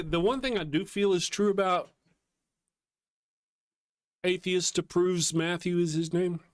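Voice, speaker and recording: A man's voice: on the high side, dry recording, clean studio sound. A man co-hosting a live talk show, chatting casually about politics, sardonic and profane, thanking viewers from the chat. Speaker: co-host of a call-in show.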